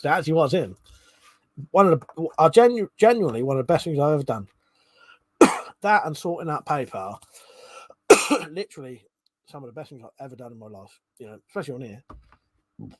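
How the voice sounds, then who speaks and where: A man with a fairly high, slightly rough voice hosts a casual livestream, reading viewers' comments aloud while chuckling and swearing freely. He's very animated and brisk but pauses often, and the recording is dry.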